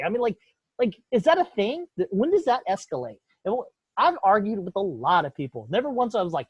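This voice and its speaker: A man's voice: sits high, huge pitch swings, a little fast, slightly rough, no room sound. A man hosting a podcast, talking in a profane, heated, rambling way. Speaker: podcast host. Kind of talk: casual opinionated chat. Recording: dull lo-fi dry recording.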